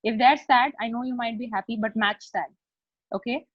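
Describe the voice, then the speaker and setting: A woman with an Indian English accent coaches a group over a video call, talking in a chatty way and checking in with them often. Her voice is a little husky, and it sits close and dry with no room echo. The call audio is dull and lo-fi. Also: a little high, normal speed. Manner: chatty, explains step by step, often checks in with the audience. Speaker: life coach. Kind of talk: live online coaching session.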